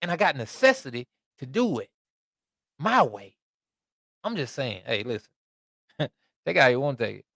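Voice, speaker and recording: A man hosting a podcast, reading scripture aloud and preaching in an animated, conversational way with asides to his listeners. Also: mid-range voice, normal speed, creaky, long pauses, no room sound, clean studio sound. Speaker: podcast host and Bible teacher.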